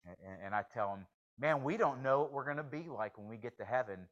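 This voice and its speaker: A man preaching a sermon in a folksy, joking manner, swinging from hushed confession to loud exclamations. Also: medium pitch, animated, fast, highs cut off. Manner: shifts from hushed to shouting.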